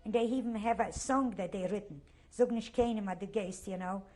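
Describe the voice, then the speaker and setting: Older polish-accented lady, halting and emotional, repeats herself, middle pitch. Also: a little mellow. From Poland. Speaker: interviewee. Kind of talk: oral history interview.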